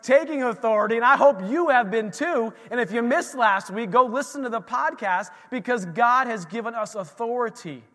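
A man in his thirties preaching a sermon in a church, telling stories with animated asides and acting out the voices of the people in them. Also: sits high. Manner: animated, acts out quoted voices, folksy asides. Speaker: pastor. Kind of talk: energetic sermon storytelling. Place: church sanctuary. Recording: reverberant hall.

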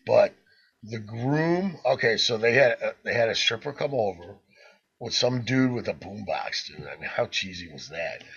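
Gravelly, animated man telling a crude story. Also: on the low side, normal speed, lo-fi sound. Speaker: podcast co-host. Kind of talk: casual storytelling.

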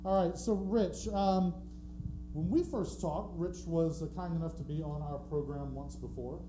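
A man's voice: a little high, steady tone, unhurried, background noise. A man co-hosting a live podcast on a theatre stage, asking questions in a jokey, upbeat way. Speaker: co-host.

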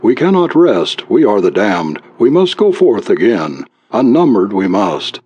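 A man's voice: on the low side, very animated, unhurried, darkish tone, slightly rough, highs cut off, full character voice. A man voicing a hunched, brooding husband who hesitates and mumbles, reciting grim verse.

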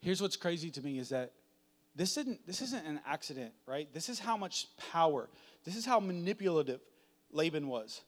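A man preaching a sermon in a dramatic, chatty way, swinging from hushed to loud. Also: on the high side, very animated, normal speed. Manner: conversational, uses "like" often.

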